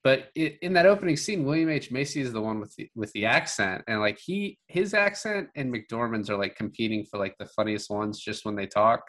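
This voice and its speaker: A man's voice: mid-range voice, sing-song, a little fast, few pauses, fairly bright tone. A man co-hosting a podcast, chatting casually about a film in a rambling way full of filler words. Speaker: podcast co-host.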